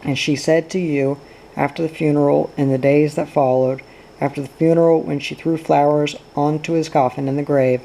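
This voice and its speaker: Gravelly, flat-voiced male narrator. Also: a little high, moderate pace, rough recording. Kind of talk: audiobook reading of a novel.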